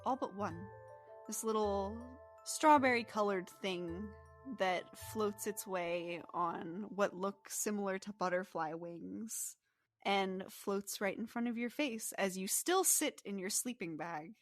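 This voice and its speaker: A woman narrating a tabletop game as game master in a descriptive, softly paced way. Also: mid-range voice, takes it slowly, faint music behind.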